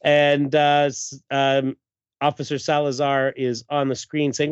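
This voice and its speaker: A man's voice: mid-range voice, unhurried, smooth, no echo. Man casually recapping a comic. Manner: relaxed, many fillers, reads credits aloud. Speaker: podcast host. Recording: dull lo-fi dry recording.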